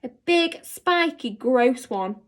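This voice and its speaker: A woman voicing an excitable, dramatic young girl in a storybook reading, with squealing, wide-eyed exclamations. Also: high voice, takes it slowly, pitched above the performer's own voice, full character voice. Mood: wondering.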